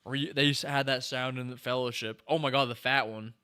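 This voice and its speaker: A young man with a bright, forceful voice gives casual running commentary on a film he is watching. He is excitable and keeps exclaiming and talking back at the screen. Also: medium pitch, a little fast, clear, resonant tone. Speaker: podcast host. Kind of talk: casual movie reaction commentary.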